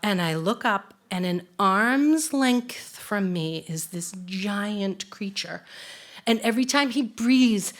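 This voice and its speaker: A woman tells a true story live, vivid and animated. She drops to a near hush for tense moments and climbs into excitement for the wild ones. Her voice sits at a middling pitch. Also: takes it slowly.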